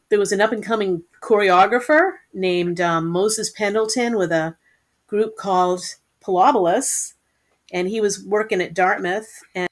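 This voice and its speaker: Animated woman telling old stories. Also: medium pitch. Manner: animated, rambling anecdotes. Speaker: podcast guest. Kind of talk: casual storytelling.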